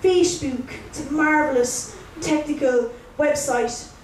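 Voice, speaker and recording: Irish girl doing standup, high voice, roomy club, mic kinda far off. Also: measured pace, darkish tone, slight background noise. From Ireland. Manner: chatty, self-mocking, talks to the crowd. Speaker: stand-up comedian. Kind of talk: stand-up routine. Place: comedy club stage. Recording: roomy live gig from a distance.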